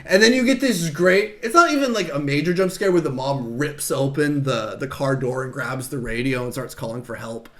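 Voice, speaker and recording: A man's voice: medium pitch, moderate pace, few pauses, a bit bright. A man co-hosting a podcast, recapping a film in casual chat and acting out the characters' lines. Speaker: podcast co-host.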